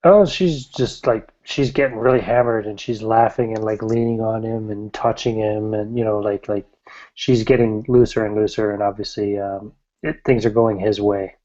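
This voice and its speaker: A man's voice: fairly low pitch, steady tone, moderate pace, warm tone. A man narrating as game master of a tabletop game, casual and rambling, laughing often, on a muffled recording.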